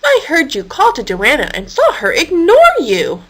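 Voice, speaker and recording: A woman performs a full character voice, pitched above her own, as a bold, protective female kangaroo who talks in a firm, indignant way. The voice is high and fairly bright, with wildly swooping pitch and an unhurried pace, and the recording quality is low.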